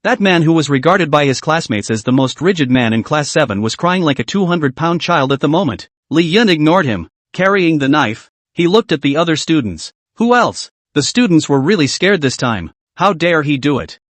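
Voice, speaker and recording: A man reads a story recap aloud and voices every part himself. His pitch is a little high and moves around a lot. The sound is dry and close. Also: expressive, moderate pace, no room sound. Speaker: recap narrator. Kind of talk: scripted story narration.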